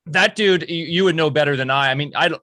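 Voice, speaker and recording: A man's voice: fairly high pitch, fast, pushed and bright, no echo, studio quality. A man hosting a podcast, chatting casually and easygoing with his guest. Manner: easygoing, chatty, laughs along. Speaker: podcast host.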